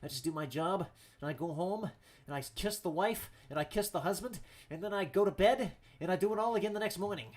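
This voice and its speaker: A man's voice: sits high, brisk, hardly any pauses. A man voicing a boastful, swaggering tough-guy driver in a comedic game role-play, rambling and profane. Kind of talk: comedic role-play commentary over gameplay.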